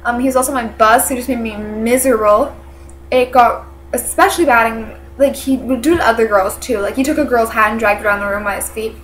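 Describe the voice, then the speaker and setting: A woman's voice: on the high side, steady tone, a little hiss or hum. Congested teen girl in an echoey room. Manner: halting, full of "like" fillers, earnest. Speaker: vlogger. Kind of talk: personal storytelling to camera.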